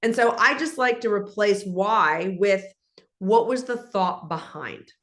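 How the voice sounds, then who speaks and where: A woman guest in an interview, speaking in an animated, instructive way and acting out example conversations. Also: mid-range voice, takes it slowly.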